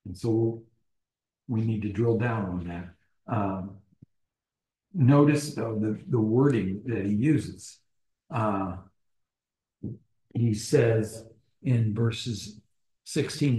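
A man teaching a small-group Bible study, deliberate, restating phrases and posing questions to the group. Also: lowish voice, dark tone. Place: church meeting room. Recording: roomy echo.

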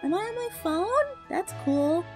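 A woman's voice: very high-pitched, very animated, unhurried, full character voice. A woman voicing a cheerful little mouse girl hosting a kids' game let's play, gushing and gasping with delight. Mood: excited. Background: game music.

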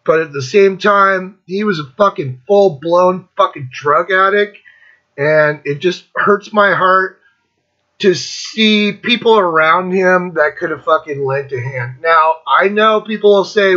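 A man's voice: high voice, measured pace, sharp tone, lo-fi sound. Blunt, profane man in his fifties. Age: 50s. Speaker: host. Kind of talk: casual rant.

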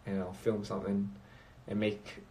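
A man's voice: on the low side, completely flat delivery, moderate pace, mellow, a little hiss or hum. Man rambling on a phone livestream. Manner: rambling, reads out viewer comments. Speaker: livestream host. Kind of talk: casual livestream chat.

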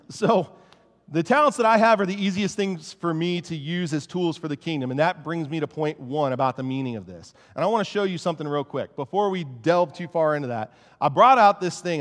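A man's voice: a little high, a bit bright. A man preaching a casual, joking sermon to his congregation in church. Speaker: pastor. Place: church sanctuary. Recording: long church-hall reverb.

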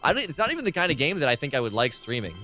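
This gaming live streamer has a fairly high, bright, forceful voice with a sing-song lilt, and he talks very fast. Streaming a horror game, he chats casually with viewers, rambling on and cursing without restraint.

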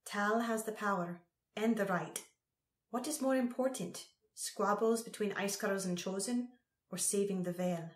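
A woman voicing a resolute young warrior woman who speaks calmly and steadily, recorded in a roomy space. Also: mid-range voice, normal speed, natural voice. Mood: firm. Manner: calm, steady. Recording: roomy echo.

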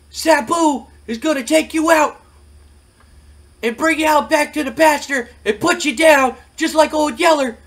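A shrill, ranting wrestling manager. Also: male voice, fairly bright tone. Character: loud taunting male wrestling manager.

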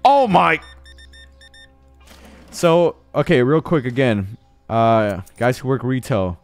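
A man's voice: medium pitch, animated, slow, faint music behind. A young man streaming a game live, chatting casually, swearing a lot and laughing often. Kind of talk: casual live-stream chat while gaming.

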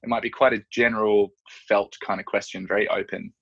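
Husky, low-voiced man, reflective guest. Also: flat delivery, fairly quick, a bit bright. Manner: reflective, searching, many fillers. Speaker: strength and yoga coach, podcast guest. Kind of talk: casual interview chat. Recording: dull lo-fi audio.

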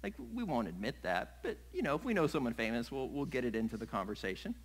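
Middle-aged male pastor, mid-pitch voice, lively sermon delivery that slips into acted-out voices. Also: fast talker, breathy edge, rough recording. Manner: animated, acts out scenes with voices and laughs.

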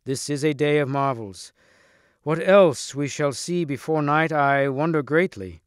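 A stately king from a storybook speaks in formal, commanding phrases, voiced by a man reading aloud. The voice is smooth and the sound is dry and close. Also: on the high side, a little slow, no echo, lightly acted. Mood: awed.

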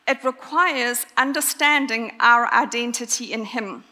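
A woman preaching a sermon in an earnest, emphatic way, pausing to stress her points. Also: a little high, pushed and bright. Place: church. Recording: long church reverb.

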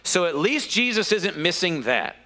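A man preaches a sermon, telling the story with lively energy and leaping up in pitch when something surprises him. His voice is bright and a little high for a man. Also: normal speed. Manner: animated storytelling with sudden high-pitched exclamations.

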